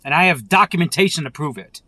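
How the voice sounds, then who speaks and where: A man's voice: a little high, expressive, quick pace, bright, forceful tone, dry recording. A man delivering an angry, profane political rant as a vlogger, heated and repetitive.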